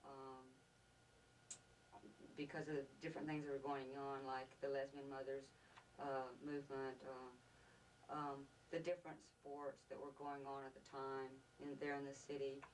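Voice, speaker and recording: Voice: mid-range voice, flat delivery, unhurried, a little hiss or hum. An interviewee recalling the past in a hesitant way with many fillers. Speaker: oral history interviewee. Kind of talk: casual recollection. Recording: distant mic with background ambience.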